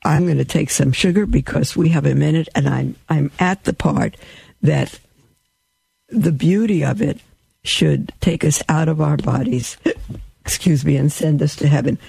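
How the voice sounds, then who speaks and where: A man hosting a radio show, slowly reading a religious text aloud with devotion and breaking off for chatty asides to his listeners. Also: a little high, vocal fry, a little mellow, slightly rough, no echo. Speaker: radio host.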